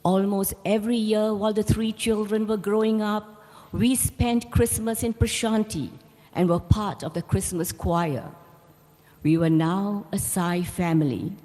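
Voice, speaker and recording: A woman's voice: medium pitch, unhurried, warm tone. A middle-aged woman giving a devotional talk, telling her personal story in an earnest, storytelling way. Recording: long reverb of a large hall.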